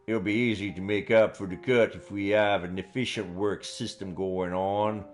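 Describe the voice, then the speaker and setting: A man's voice: on the low side, fairly even intonation, normal speed, soft background music, natural voice. A man voicing an earnest, easily flustered young man with a put-on Southern accent, reading a visual novel aloud. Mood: gruff.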